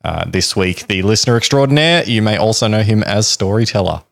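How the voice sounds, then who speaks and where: A man's voice: on the low side, fairly quick, vocal fry. A man hosting a podcast, telling a history story in a casual, joking, rambling way. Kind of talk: casual chat.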